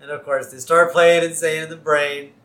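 A man's voice: fairly high pitch, little pitch movement, roomy sound, a crowd in the background. A man casually recapping a cartoon episode as a podcast co-host, acting out quotes as he goes. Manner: retells scenes with quick acted-out quotes.

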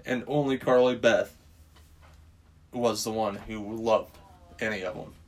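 A man's voice: lowish voice, fairly even intonation, unhurried. A man in casual chat, recapping a film plot in a rambling way, swearing freely. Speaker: podcast co-host recapping a film.

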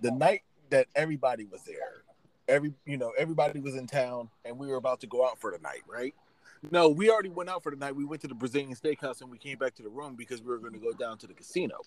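A podcast host with a mid-range voice tells stories fast in casual conversation, animated and laughing often. The recording is rough.

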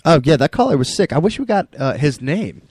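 Fast-talking, enthusiastic male co-host. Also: a little high, sing-song, darkish tone, slightly rough, no room sound, studio quality. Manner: enthusiastic, quick reactions. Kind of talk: casual talk show chat.

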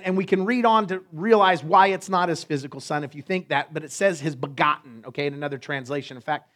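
A male pastor preaches to his congregation, cracking jokes and tossing quick asides between points. His voice sits high for a man. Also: a bit bright. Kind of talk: sermon.

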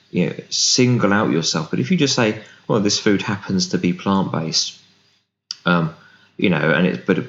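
A man, a business founder, chatting casually as an interview guest and acting out what people said to him. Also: low voice. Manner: animated storyteller, acts out quoted voices. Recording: roomy, dull remote recording.

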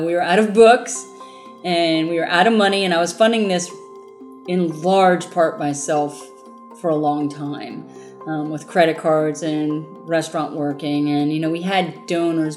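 A woman, the founder of a mobile book bus, telling her story in an interview, animated and laughing as she acts out what people said. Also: low voice.

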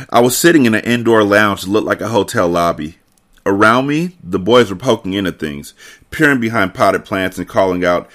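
A man, host of a podcast, reading a children's novel aloud with casual, expressive delivery. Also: on the low side, moderate pace. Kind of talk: book reading narration.

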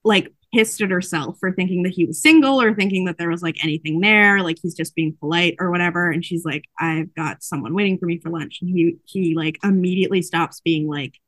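A woman's voice: on the low side, fairly quick, few pauses, no echo. Chatty woman recapping a book, dry close sound. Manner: animated storytelling, acting out quotes. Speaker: podcast host recapping a book. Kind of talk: casual chat.

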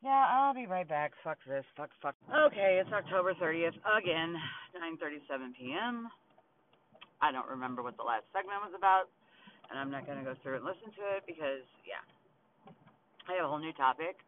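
Woman, podcast host, casual rant, profane, rambling, exasperated, high lively voice, tinny phone-like sound, faint car hum. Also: a little fast. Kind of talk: casual venting monologue. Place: inside a parked car.

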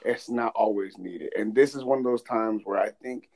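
A man's voice: lowish voice, normal speed, darkish tone, husky. A man talking in a loose, rambling casual conversation, often restarting his sentences.

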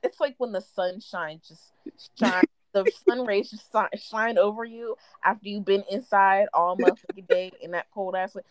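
A woman's voice: moderate pace, no echo. A young woman co-hosting a podcast, telling gossip stories in casual chat and mimicking the people in them. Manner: animated gossiping, mimics others in high and low voices. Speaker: podcast co-host.

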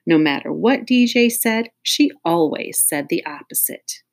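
A woman's voice: on the low side, animated, measured pace, creaky. A woman reading a children's audiobook aloud in a playful way, speaking directly to young listeners. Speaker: audiobook reader.

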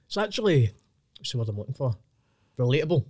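A man's voice: mid-range voice, sing-song, fast talker, darkish tone, slightly rough, no room sound. A young adult man with a Scottish accent, a podcast guest speaking bluntly with dry, sweary humor. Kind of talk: casual chat.

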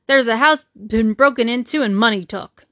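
A man's voice: extremely high pitch, normal speed, bright, forceful tone, dry recording, studio quality. Woman reading as a dogged country policeman. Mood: insistent. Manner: plain, insistent. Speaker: village policeman.

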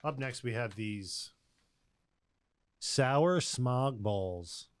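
A man's voice: mid-range voice, expressive, extremely slow, clean tone. A man hosting a casual candy taste test over a video call, upbeat and chatty. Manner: upbeat, presents each candy. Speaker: host. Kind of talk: casual chat.

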